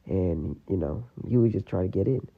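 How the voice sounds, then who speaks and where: Man, casual storyteller, gravelly and husky, tinny phone-line sound. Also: low-pitched, lively intonation, moderate pace. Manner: rambling, full of "you know" and "like".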